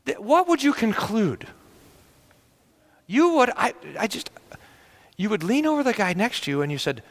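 A man's voice: high voice, sing-song, moderate pace, long pauses. A male pastor preaching a sermon in a conversational storytelling manner, often restarting his sentences.

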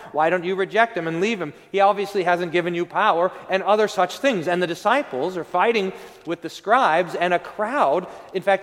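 A man preaching a sermon as pastor, telling the story with lively acted-out quotes. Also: fairly high pitch, long reverb tail. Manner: storytelling, acting out quoted voices.

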